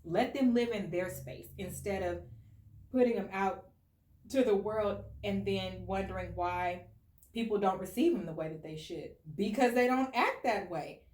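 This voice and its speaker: A woman's voice: medium pitch, a little slow, a little mellow. An American woman hosting a casual discussion, talking earnestly and with strong opinions, with many "like" fillers. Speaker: host. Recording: echoey room.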